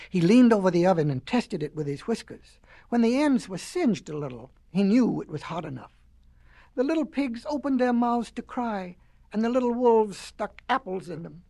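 A woman reading a children's storybook aloud, her pitch rising and falling in a very lively way. Her telling is folksy and expressive. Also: normal speed, gravelly.

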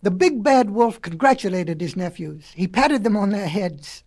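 A woman narrating a storybook in a folksy, lively storytelling manner. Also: mid-range voice, moderate pace. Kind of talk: storybook reading.

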